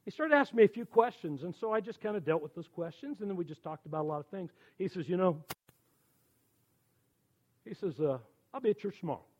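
A man in his sixties, a church elder, telling conversion stories in a folksy, animated sermon. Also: high voice, brisk, dull audio. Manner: animated, folksy storytelling with quoted dialogue. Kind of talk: storytelling sermon.

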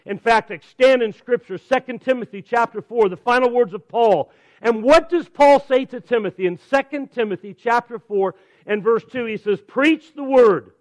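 High-voiced preacher, emphatic. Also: male voice, rough recording. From California. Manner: emphatic, slowing down to stress key phrases, repeats words when starting a thought. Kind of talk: sermon. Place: church service.

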